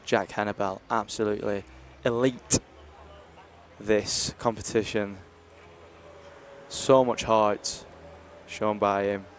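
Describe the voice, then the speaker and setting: A man's voice: on the low side, slight background noise. Chatty male hockey commentator. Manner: chatty, jokey, rambling. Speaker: stream commentator. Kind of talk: live ice hockey commentary.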